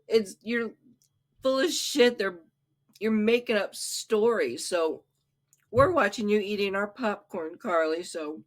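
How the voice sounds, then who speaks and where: A woman at home talks slowly and deliberately while she calls someone out. Her tone is scornful and mocking, with laughter breaking into the anger. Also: low voice. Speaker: reaction video host. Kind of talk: angry call-out commentary.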